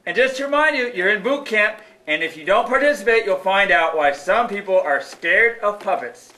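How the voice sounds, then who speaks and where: A man's voice: high voice, expressive, moderate pace, sharp tone. A man voicing a pushy, upbeat army recruiter puppet who talks like a salesman in a live puppet show, recorded in an echoey hall. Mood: pitching. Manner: salesy, cheerleading.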